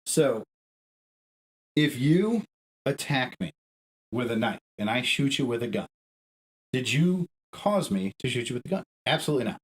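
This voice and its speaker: A worked-up young podcast co-host swears freely and argues emphatically, his middling male pitch leaping upward when heated. It feels like a loose chat among friends, animated at a moderate pace with long pauses, on a low-quality recording.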